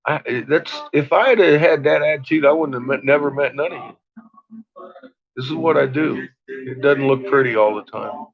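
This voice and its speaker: A man's voice: mid-range voice, normal speed, vocal fry. A man hosting a late-night livestream, ranting profanely at his chat and often breaking into laughter. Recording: dull lo-fi stream audio.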